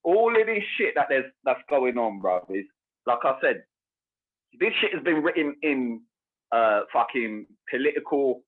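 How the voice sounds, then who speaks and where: A man's voice: mid-range voice, sing-song, a little slow. A man, co-hosting a casual podcast chat, ranting with heavy swearing and constant "bro" and "bruv". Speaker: podcast co-host. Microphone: remote call. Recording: tinny phone-like call audio.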